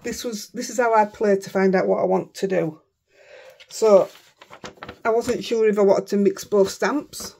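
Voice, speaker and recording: This craft vlogger, Yorkshire-accented, talks through her card-making in a chatty, self-mocking way, often murmuring to herself. Her mid-range voice is steady, mellow, and measured, with some vocal fry. Slight background noise can be heard.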